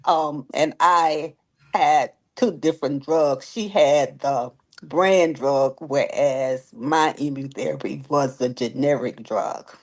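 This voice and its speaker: Brief: slow-spoken guest, mid-pitch, hesitant and measured. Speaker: patient guest. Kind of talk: casual panel discussion.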